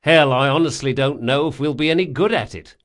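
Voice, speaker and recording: A man voicing a wily, stubborn young male thief with quick, wry retorts in an audiobook. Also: medium pitch, a bit bright, voice pushed up, lightly acted. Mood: tender wry. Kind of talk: audiobook character voice.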